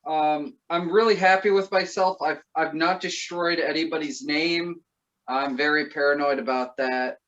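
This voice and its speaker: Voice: mid-range voice, steady tone, normal speed, a bit bright. A host introducing comedians at an open mic, self-deprecating and easygoing. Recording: dull lo-fi sound.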